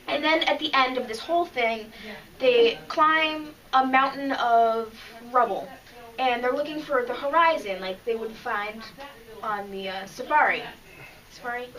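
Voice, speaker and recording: Woman, podcast co-host, high-pitched, bright, chatty, emotional, recorded from a distance. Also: a little slow. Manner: chatty and emotional, with frequent restarts. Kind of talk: casual chat reviewing comics.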